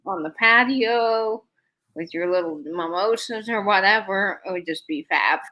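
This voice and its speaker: A woman's voice: medium pitch, measured pace, sharp tone, highs cut off. A woman co-hosting a casual live chat, chatty and self-deprecating, often laughing at herself. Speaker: co-host.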